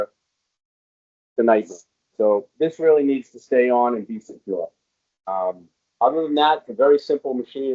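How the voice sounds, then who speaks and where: A man talks staff through a piece of equipment in a loose, rambling way, dropping plenty of ums as he goes. His voice sits at an ordinary middle pitch. The audio is dull and lo-fi. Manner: casual, rambling, frequent ums. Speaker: equipment trainer. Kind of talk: hands-on equipment training.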